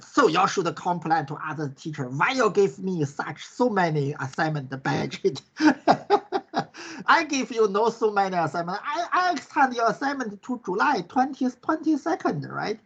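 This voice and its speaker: A man teaching an online class in non-native English, peppering his answers with "right?" and "okay?". His voice is husky and gravelly. The sound is muffled and lo-fi, like a recorded video lesson. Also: sits high, fairly bright tone. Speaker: course instructor.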